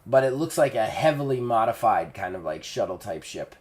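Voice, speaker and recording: A man's voice: lowish voice, lively intonation, a little mellow. A man running a tabletop game as game master, narrating loosely with many fillers and restarts. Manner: loose, rambling narration with many fillers and quick character voices.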